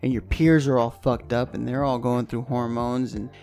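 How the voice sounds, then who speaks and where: A young man from New York chats on a podcast, telling animated stories full of swearing. His voice has a gravelly edge, and faint music plays behind him. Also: medium pitch, moderate pace. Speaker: podcast co-host. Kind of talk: casual chat.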